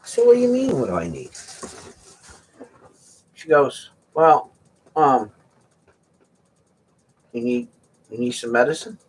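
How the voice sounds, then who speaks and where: A middle-aged man with a husky, slightly rough voice hosts a casual livestream auction. He rambles into joking stories with lively, swinging intonation, talking straight to his online viewers. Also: mid-range voice, slow pace, long pauses. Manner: joking, rambling storyteller who laughs a lot. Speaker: live auction host. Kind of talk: casual live-stream auction chat.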